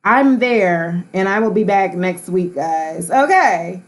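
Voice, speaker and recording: A woman's voice: mid-range voice, animated, a little slow, few pauses, a little hiss or hum. A woman tarot reader hosting a live stream, talking casually and slangily straight to her viewers.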